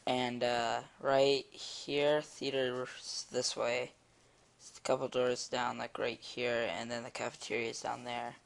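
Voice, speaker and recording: A teenage boy telling a story in a casual vlog, rambling and excitable, with many fillers. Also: medium pitch, takes it slowly, vocal fry, clear, resonant tone. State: eating while talking. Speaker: vlogger. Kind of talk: casual storytelling while drawing.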